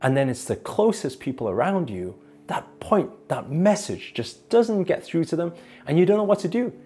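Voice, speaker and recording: A self-help speaker telling a personal story on his vlog, expressive and shifting between soft and emphatic delivery. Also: fairly high pitch, moderate pace, breathy edge.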